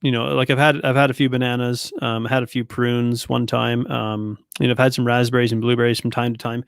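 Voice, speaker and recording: A man's voice: mid-range voice, level tone, fairly quick, vocal fry, smooth, no room sound, studio quality. A man in his thirties hosting a podcast interview, chatty and rambling with a joking streak. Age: 30s. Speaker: podcast host. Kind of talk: casual interview chat.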